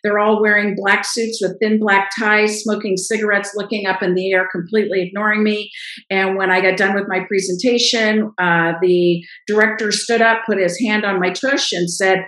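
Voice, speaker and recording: Middle-aged woman guest, lively storyteller, roomy echo on the voice. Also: medium pitch, moderate pace. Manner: animated storyteller, acts out quoted voices. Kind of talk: casual interview storytelling.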